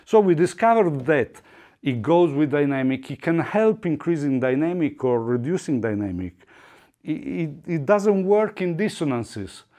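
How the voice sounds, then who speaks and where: A man teaching double bass technique in a masterclass, explaining in a halting way with frequent restarts. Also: lively intonation, dark tone. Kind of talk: instrument masterclass demonstration. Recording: faint bowed string music behind.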